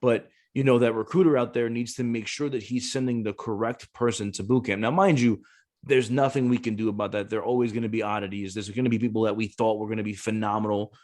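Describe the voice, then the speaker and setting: A man's voice: on the low side, steady tone, fast talker, darkish tone. A man, a Marine gunnery sergeant and former recruiter, talking casually on a podcast, blunt and cursing freely as he acts out the voices in his stories.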